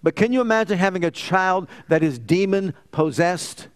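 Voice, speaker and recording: A man with a notably high voice delivers a sermon as a preacher. He moves between quiet, low retellings and fervent, rising proclamations. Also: normal speed, clear, resonant tone. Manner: rising to fervent emphatic declarations, dropping to soft hushed lines.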